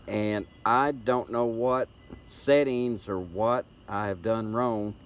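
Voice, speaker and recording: A middle-aged man with a Tennessee Southern accent and a somewhat low voice talks in a folksy, rambling way, often repeating words as he goes. He speaks casually to viewers on a live stream, picked up by a tablet's built-in mic. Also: steady tone, slow pace. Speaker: livestream host.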